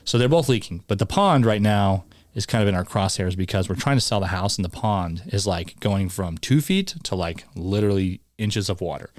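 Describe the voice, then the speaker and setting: A man hosting a podcast, chatting casually and telling an animated, rambling story. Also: low-pitched, moderate pace, no room sound, clean studio sound. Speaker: podcast host. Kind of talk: casual chat.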